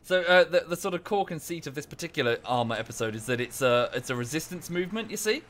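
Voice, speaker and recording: A man's voice: fairly high pitch, animated, fast talker, fairly bright tone. A man streaming live, chatting casually in a rambling way with many fillers and restarts, thanking viewers in chat as he goes.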